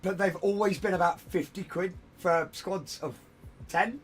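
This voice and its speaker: A man's voice: high voice, steady tone, unhurried, faint music behind. A man chatting casually on a hobby livestream from a room at home, rambling and self-deprecating while he works at his desk. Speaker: streamer.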